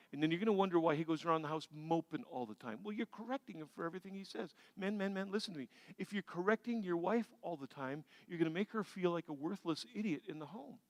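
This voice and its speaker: A man preaching a sermon as pastor, animated and acting out little everyday scenes for the congregation. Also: a little high, no echo. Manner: animated, acts out little scenes with shifting energy. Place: large church sanctuary.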